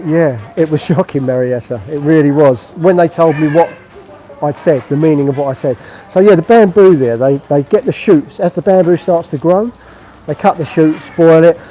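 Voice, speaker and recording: A man's voice: on the high side, dark tone, slight background noise, poor audio. A man from England chatting casually on a live stream while he walks through an outdoor market, explaining what he shows. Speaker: vlogger.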